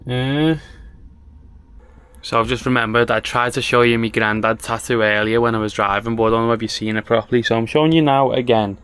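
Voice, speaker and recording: A man's voice: mid-range voice, steady tone, a little fast, a bit bright, smooth. A young man, chatting casually to camera in a campervan, rambling with lots of fillers. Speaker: travel vlogger. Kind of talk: casual vlog chat to camera. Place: inside a small campervan.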